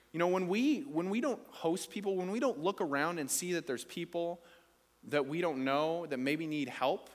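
Pastor, male, higher register, chatty sermon with loud emphatic peaks; reverberant church hall. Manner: conversational preaching, rising emphatic peaks. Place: church sanctuary.

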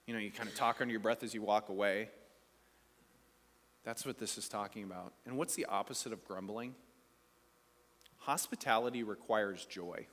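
A man's voice: mid-range voice, fairly bright tone, big-room sound. A man preaching a sermon in a conversational, playful way, asking the congregation questions. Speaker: pastor.

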